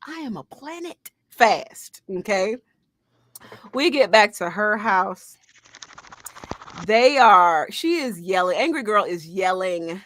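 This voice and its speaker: Animated laughing woman telling a story. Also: medium pitch, normal speed, dry recording, studio quality. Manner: animated, laughing, swearing, slangy. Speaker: podcast co-host. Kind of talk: casual storytelling chat.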